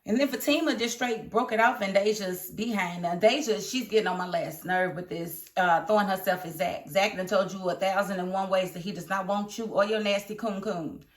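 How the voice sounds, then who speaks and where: A woman reviewing a TV episode in casual commentary, animated and emphatic, scolding the characters. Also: mid-range voice, fairly quick, few pauses, reverberant. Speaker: TV show reviewer.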